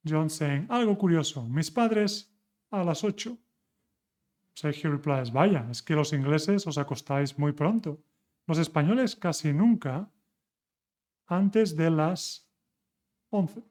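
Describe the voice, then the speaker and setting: A man with a Spanish accent teaches an online language lesson in a slightly high voice. He explains grammar patiently, a native Spanish speaker working in English, and stops to correct his own slips. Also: darkish tone.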